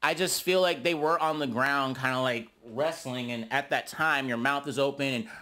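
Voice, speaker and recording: A man's voice: mid-range voice, normal speed, bright, forceful tone. A man recapping a reality TV episode in casual, sassy commentary full of slangy asides.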